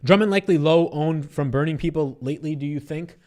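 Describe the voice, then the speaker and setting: A young man hosting a sports betting livestream, chatting loosely, reading viewer comments aloud and answering them. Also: on the high side. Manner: fast, animated, loose and profane.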